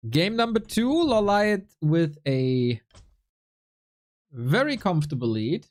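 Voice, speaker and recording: A man's voice: fairly high pitch, slow pace, pauses often. A young man casting a strategy game live, chatting with viewers between plays and reacting as the match unfolds. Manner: lively, chatty, reacts to viewers mid-commentary. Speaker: esports caster and streamer.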